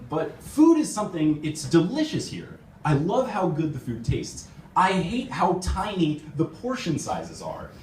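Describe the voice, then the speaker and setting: A man's voice: medium pitch, darkish tone, slight background noise. A young American man performing a stand-up comedy set on a club stage, often laughing at his own jokes. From United States. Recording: roomy venue sound from a distance.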